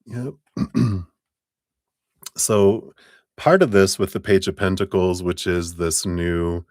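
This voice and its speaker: Low-voiced man reading tarot live, meandering and chuckly, recorded dry. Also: steady tone, slow, a little mellow, no room sound. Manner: rambling, self-interrupting, chuckling. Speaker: tarot reader.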